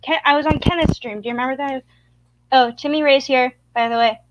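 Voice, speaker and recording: A woman's voice: high voice, steady tone, brisk, lo-fi sound, noisy background. A woman hosting a livestream in casual chat, greeting viewers and jumping from topic to topic. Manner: chatty, greets viewers, jumps between topics. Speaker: livestream host.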